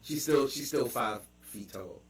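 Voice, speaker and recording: A man with a Baltimore accent hosting a casual chat, telling animated stories with quick asides. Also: mid-range voice, distant mic. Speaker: podcast host. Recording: echoey room, voice off mic.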